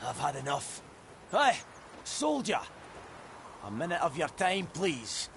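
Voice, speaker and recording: An actor playing an aggrieved middle-aged village blacksmith in a video game, speaking in a blunt, grudging way. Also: male voice, on the high side, sing-song, slow, fairly bright tone, a little hiss or hum, exaggerated voice.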